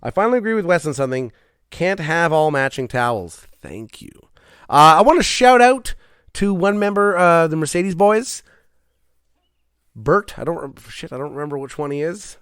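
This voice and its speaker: A man's voice: a little high, very animated, moderate pace, fairly bright tone, smooth, no echo, studio quality. A man hosting a solo comedy podcast from his garage, rambling, self-deprecating and swearing often. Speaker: podcast host. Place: home garage.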